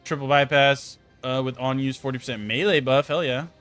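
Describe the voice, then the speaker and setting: A man's voice: medium pitch, fairly quick, clean tone, faint music behind. A young man streaming a game, telling stories to chat in a casual, swearing, exasperated way. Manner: animated, swearing, exasperated storytelling. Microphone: close desk mic.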